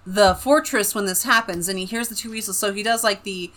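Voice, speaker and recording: A woman's voice: medium pitch, a little fast, fairly bright tone. A woman co-hosting a casual book podcast, rambling along with many filler words. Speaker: podcast co-host.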